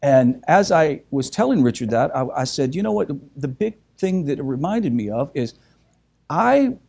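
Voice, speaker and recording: Dark-voiced man telling a lively family story. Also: fairly high pitch, normal speed, gravelly, husky. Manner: animated storyteller, acts out voices, many restarts. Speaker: speaker teaching a group. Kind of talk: storytelling talk.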